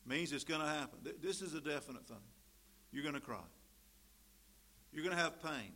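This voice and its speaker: A middle-aged man preaching a sermon, swinging from loud emphatic stresses to quiet asides. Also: fairly high pitch, brisk, pauses often. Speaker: pastor.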